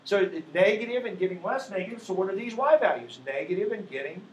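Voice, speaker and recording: Expressive and high-voiced, a man teaches math at a quick pace, patiently explaining each step and checking in again and again with "right?" The recording has its highs cut off, in an echoey classroom with faint background noise.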